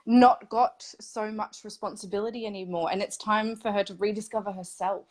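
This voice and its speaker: A woman hosting a casual interview series, effusive and animated, often laughing mid-sentence. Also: mid-range voice, brisk.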